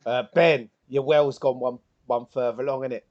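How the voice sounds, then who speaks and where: A man's voice: mid-range voice, fairly even intonation, normal speed, a little mellow, muffled recording. A man running a tabletop game in a put-on Cockney accent, chatty and full of slang. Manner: chatty, laughing, slang-heavy. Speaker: game facilitator.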